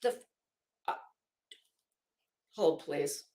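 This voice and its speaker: A woman's voice: drawn-out words, dark tone. A woman hosting a live stream, reading chat messages aloud and giving catty, sarcastic gossip commentary with plenty of swearing. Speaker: livestream host. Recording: roomy echo.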